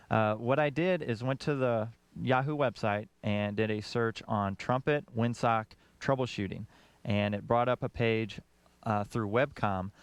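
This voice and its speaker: A man's voice: mid-range voice, smooth, dry recording. A man co-hosting a call-in computer show, explaining answers in plain terms. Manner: explanatory, laughs easily. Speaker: tech expert co-host. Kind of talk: call-in tech talk show.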